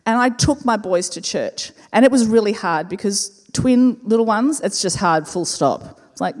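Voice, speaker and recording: A woman, a pastor telling a personal story in a sermon, expressive and slowing down to repeat key words. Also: mid-range voice. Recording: reverberant church hall with faint music.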